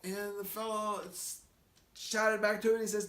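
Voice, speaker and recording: A man pastor telling a joke-story in sermon style, with an animated, dramatic build. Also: sits high, measured pace. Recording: echoey room, mic far off.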